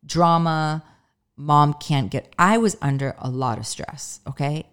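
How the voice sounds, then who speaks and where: A woman's voice: deep voice, unhurried, clear, resonant tone. A middle-aged woman hosting her own podcast, talking candidly and emotionally in a chatty way, full of "like" and "um". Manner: emotional, close to tears at times. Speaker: podcast host. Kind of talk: personal podcast monologue.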